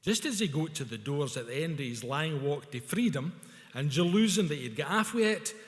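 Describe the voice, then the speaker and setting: A Scottish man, speaking at a culture event in an event hall, tells the audience a story peppered with broad Scots dialect words. His voice runs slightly high and expressive at an ordinary pace, with the sound of a big room around it.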